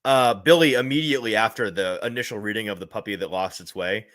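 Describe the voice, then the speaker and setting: A man's voice: on the low side, fast, fairly bright tone, no echo, studio quality. A man in casual chat as a co-host, rambling and restarting his sentences as he runs through notes. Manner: rambling, self-interrupting, laughs at his own quotes.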